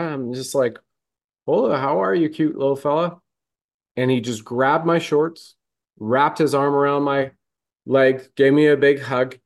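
A man in casual podcast chat, telling a moving story earnestly, his voice catching as he fights tears. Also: medium pitch.

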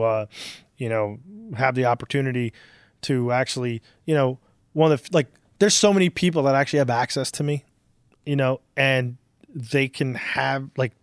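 A man's voice: medium pitch, no room sound. Male podcast host, 40s, casual profane storyteller, dry close recording. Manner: rambling, profane, animated storytelling. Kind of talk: casual chat.

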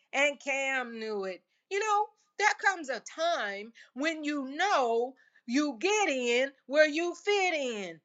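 A woman's voice: high-pitched, a bit bright. A woman hosting her own football podcast, cheering with exuberant, emphatic repetition and churchy exclamations. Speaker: podcast host. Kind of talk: enthusiastic solo sports podcast.

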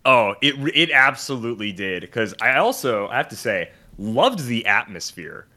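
A young man co-hosting a podcast chats casually, animatedly telling stories and acting out the people he quotes. His voice is medium in pitch at a moderate pace.

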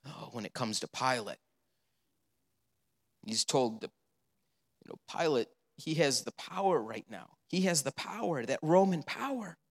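A male pastor preaching a sermon, animated and storytelling, with rhetorical questions and repeated answers. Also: medium pitch, measured pace, long pauses, in a large hall.

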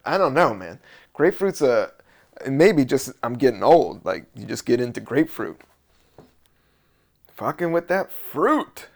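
A middle-aged man from the Virginia and D.C. area with a gravelly voice, hosting his own show. He rambles loosely from one thing to the next, swearing freely in a laid-back comic monologue. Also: mid-range voice. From Virginia and Washington D.C. area, US. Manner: loose, profane, rambling, drifting between topics. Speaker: podcast host and stand-up comedian.

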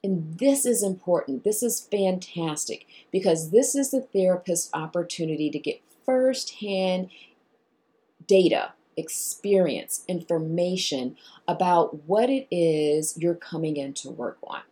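A woman therapist explaining how she works with clients, acting out both sides of a session in lively voices. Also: lowish voice, measured pace, slightly rough. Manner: animated, acts out dialogue with clients. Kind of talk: explanatory talk to viewers.

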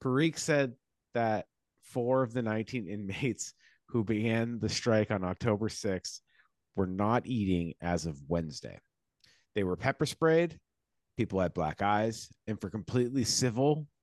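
Deep-voiced Boston man ranting. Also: no echo. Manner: profane, impassioned ranting. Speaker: podcast co-host. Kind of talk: casual chat, reading an article aloud with commentary.

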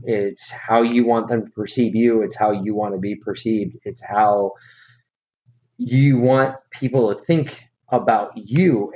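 A man's voice: mid-range voice, darkish tone. A middle-aged man from the United States co-hosting a podcast, chatting casually in a rambling, profane, emphatic way. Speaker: podcast co-host. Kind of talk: casual chat. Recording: dull lo-fi audio with faint hiss.

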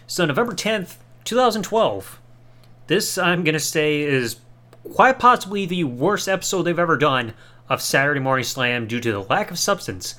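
A man's voice: fairly high pitch, lively intonation, moderate pace, sharp tone. A man hosting a podcast, reviewing in a sarcastic, mocking way and swearing casually. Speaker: podcast host.

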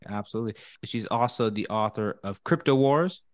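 A man hosting a podcast interview as a wealth manager, talking with energetic, friendly banter. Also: lowish voice, moderate pace, dry recording, studio quality.

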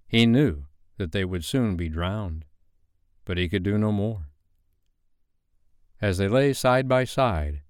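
A man narrating a classic novel as a bedtime story in a measured, gentle manner, recorded close to the mic. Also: low-pitched, clean tone, dry recording.

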